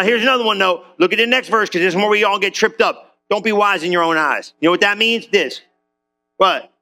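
In church, a man with a high-sitting voice gives a sermon as a pastor. He keeps it animated and conversational, tossing out casual slang and questions for the congregation.

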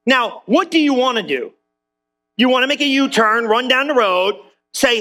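A man's voice: extremely high pitch, animated, moderate pace, pushed and bright. A man preaching a sermon in church, talking to his congregation like a friend and urging them on with repeated calls for claps and amens. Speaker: pastor.

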